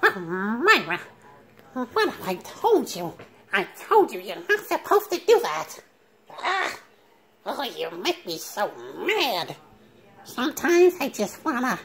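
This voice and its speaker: Nasal, bright-toned sitcom nerd boy: slow, drawn-out delivery, wildly swooping pitch. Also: heavily acted. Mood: fussy, flustered. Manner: lively squeaky swoops in pitch.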